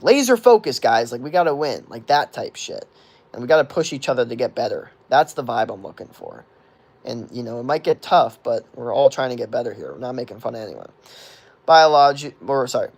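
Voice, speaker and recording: Young guy in his 20s, gravelly, easygoing streamer who rambles through chat questions, filler-heavy and profane. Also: medium pitch, quick pace. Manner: rambling, filler-heavy with constant "like", swears freely. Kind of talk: casual livestream chat.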